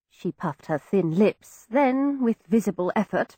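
A woman narrating a period novel in an expressive, measured storytelling manner on a close microphone. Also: medium pitch, dry recording. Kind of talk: audiobook narration.

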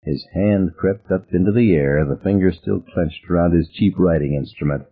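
Male audiobook narrator, first person, husky, tinny phone sound. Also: deep voice, moderate pace. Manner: vivid first-person storytelling, voices characters.

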